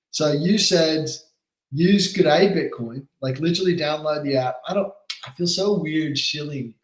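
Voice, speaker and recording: Brief: energetic American man, guest CEO, high-ish voice, roomy echo. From United States. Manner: energetic, fiery, fast-talking. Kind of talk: casual podcast chat.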